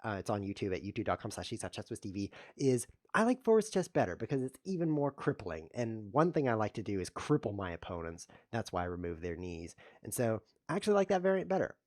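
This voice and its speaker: A man hosting his own show, commentating his chess games with playful mock-outrage, muttering one moment and loudly protesting the next. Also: fairly low pitch, big pitch swings, fast, hardly any pauses. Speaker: host. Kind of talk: live chess game commentary.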